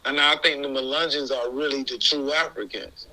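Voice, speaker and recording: A man in casual conversation as an interview guest. His voice is strikingly bright and edgy, and he talks at a middling pitch. He rambles, circling back and restarting his points with loose slang. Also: normal speed, rough recording.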